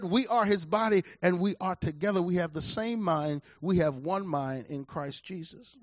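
A pastor with a high-pitched male voice preaches with force, repeating his points and rising from hushed to loud. The sound is dry, with no room echo, and slightly dull and muffled. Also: expressive, moderate pace. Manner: emphatic preaching, repeats key phrases, swings from quiet to loud. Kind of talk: sermon.

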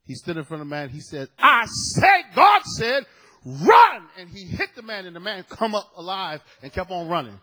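A male preacher delivers an emphatic, dramatic sermon, repeating key phrases for effect and telling stories with sudden loud peaks. He has a high, expressive voice and speaks quickly with hardly any pauses.

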